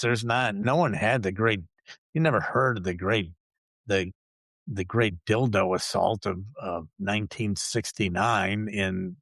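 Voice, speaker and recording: Gravelly low-voiced man ranting bluntly. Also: fairly bright tone, no room sound. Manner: blunt, profane, sarcastic ranting. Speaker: podcast host. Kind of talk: ranting solo talk show.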